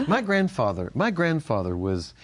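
An older man from the United States co-hosting a Christian talk show, sharing family stories and faith in an animated way with frequent laughter. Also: a little high, moderate pace. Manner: animated storyteller, laughs often. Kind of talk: casual faith-based chat.

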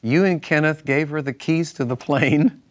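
A man's voice: fairly high pitch, normal speed. A male minister teaching from the Bible on a Christian talk show, emphatic and repetitive in a preacherly way.

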